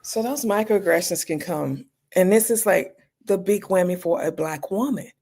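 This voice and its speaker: Gravelly-voiced woman physician telling stories. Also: lowish voice, moderate pace. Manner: animated, acts out her own reactions. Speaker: emergency room physician, guest. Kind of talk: casual storytelling in an interview.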